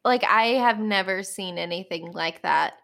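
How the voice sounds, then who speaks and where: A woman's voice: medium pitch, measured pace, creaky, a bit bright. A woman co-hosting a podcast, chatting casually about a book and retelling scenes with quoted asides. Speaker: podcast co-host.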